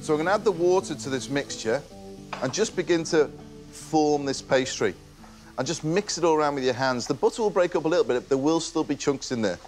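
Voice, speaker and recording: A man's voice: a little high, animated, brisk, a little mellow, faint music behind. Chatty man demonstrating a recipe. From Merseyside, England. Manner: casual and enthusiastic, praising the food. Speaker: cooking show host. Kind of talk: relaxed cooking demonstration.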